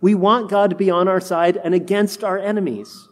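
A man's voice: sits high, fairly even intonation, moderate pace. A man preaching a homily, acting out the quoted complaints of the people in his story. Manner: acts out quoted complaints in character voices. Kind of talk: sermon.

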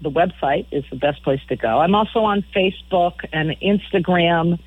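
A woman's voice: lowish voice, normal speed, slightly rough, dry recording. A middle-aged woman, a musician guest on a radio interview, telling stories frankly and often repeating words as she talks. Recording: phone-line audio.

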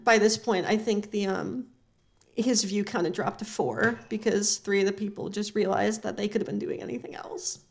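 Deadpan rambling woman podcast co-host. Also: mid-range voice, gravelly. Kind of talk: deadpan comedic podcast chat.

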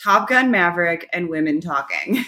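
A woman in her thirties co-hosting a podcast, quick and joking in casual chat. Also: on the low side, expressive, pushed and bright. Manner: quick, joking, laughs easily. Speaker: podcast co-host.

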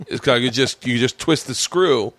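A man hosting a podcast, a comedian telling stories in casual chat with animated quoted voices. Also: medium pitch, normal speed, no room sound.

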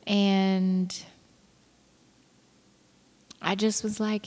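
A woman's voice: medium pitch, a little slow, a little mellow. A tired woman in her thirties, chatting casually to camera as a mother, rambling, laughing often and dropping into whispers. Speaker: mother vlogging. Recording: long reverb of a room.

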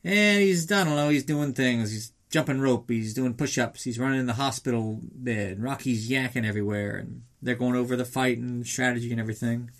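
A man's voice: mid-range voice, fairly quick, hardly any pauses. Rambling, sarcastic man recapping a movie. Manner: rambling, sarcastic, swears often. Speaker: film recap host.

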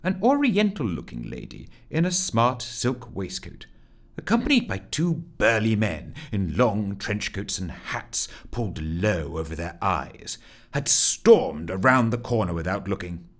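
A man narrating a comic story as an audiobook, with expressive storytelling. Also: lowish voice, a little slow.

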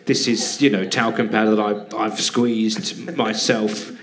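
A man's voice: on the low side, little pitch movement, unhurried. A man telling rambling, self-deprecating anecdotes as a guest on a live podcast, often laughing mid-sentence. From Britain. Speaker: guest comedian and actor. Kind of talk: casual anecdotal chat. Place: theatre stage, live podcast.

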